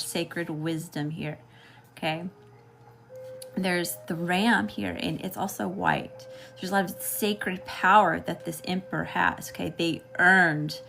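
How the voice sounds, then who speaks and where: Her voice sits low and creaky with a bit of brightness. She's a Southern US tarot reader doing a live, casual, chatty reading, frequently turning to her viewers with "okay?" and hellos to the chat.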